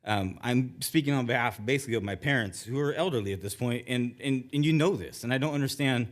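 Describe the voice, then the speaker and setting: Middle-aged man, nervous, emotional, halting speech, public comment in a council chamber, podium mic. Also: medium pitch. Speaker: resident giving public comment.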